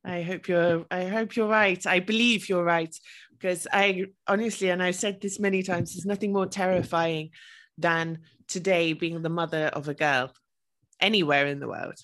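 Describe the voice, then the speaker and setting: Earnest woman with a low voice. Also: fairly even intonation, normal speed, fairly bright tone. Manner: earnest, reflective. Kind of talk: casual conversation.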